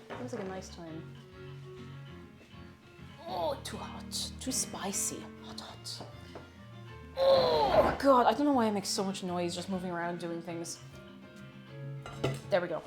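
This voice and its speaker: A woman's voice: medium pitch, normal speed, pauses often, over music. A woman chatting casually while she cooks on a live stream, giggly and talkative, reading out chat messages. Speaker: cooking streamer.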